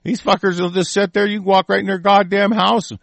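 A man's voice: high-pitched, little pitch movement, brisk, vocal fry, dry recording. A man giving a heated, profane monologue, swearing often and breaking off mid-sentence to restart. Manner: reads aloud passages and interrupts them with his own comments. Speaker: commentator. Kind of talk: angry ranting monologue.

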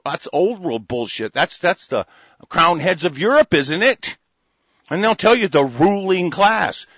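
A man's voice: on the high side, husky, no echo, highs cut off. A man delivering an angry, profane political rant, hurling insults. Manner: furious, profane, shouting insults.

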